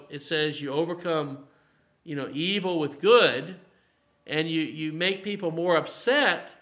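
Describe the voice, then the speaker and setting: A man's voice: high voice, sharp tone. A man with an Appalachian Southern accent, a pastor leading a mid-week Bible study in a conversational way, full of "you know" fillers and rising to emphatic declarations. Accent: Appalachian Southern American.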